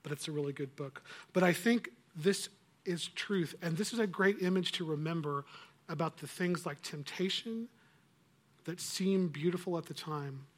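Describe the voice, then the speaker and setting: A man preaching a sermon, retelling a story with animated, emphatic delivery and quoting scripture. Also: a little high, normal speed.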